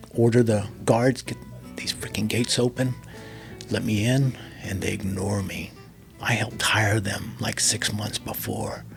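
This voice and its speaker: Low gravelly-voiced man telling war stories. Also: fairly bright tone. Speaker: interview guest, army veteran pilot. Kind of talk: storytelling in a podcast interview.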